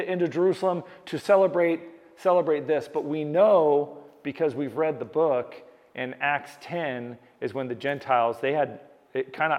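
Pastor guy preaching, kinda high voice, says things twice, long echo from the hall. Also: darkish tone. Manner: earnest, repeats key phrases for emphasis. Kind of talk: sermon.

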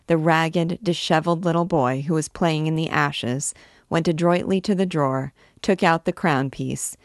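A woman reading a classic novel aloud, measured and gently voicing the characters' lines. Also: low-pitched, no room sound, clean studio sound. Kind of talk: book reading.

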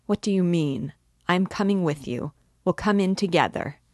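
A woman's voice: lowish voice, normal speed, darkish tone, no echo, studio quality, natural voice. A woman reading the lines of an anxious, loyal young man who speaks in urgent, reassuring exclamations. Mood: insistent. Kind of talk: audiobook character reading.

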